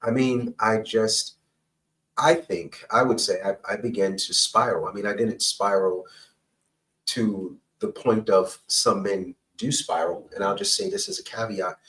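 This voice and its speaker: A man's voice: fairly low pitch, steady tone, a little slow, a bit bright, distant mic, low-quality recording. A middle-aged man, a counselor and pastor, telling a personal story to a podcast host in an earnest, emphatic way, often checking in with "right?" and "okay?". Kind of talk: candid personal storytelling in an interview.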